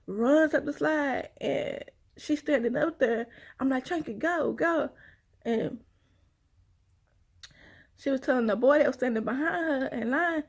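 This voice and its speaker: A woman telling a rambling personal story to her viewers, sighing often and calling them y'all. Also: high-pitched. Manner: chatty, addresses viewers as y'all, sighs often. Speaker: vlogger.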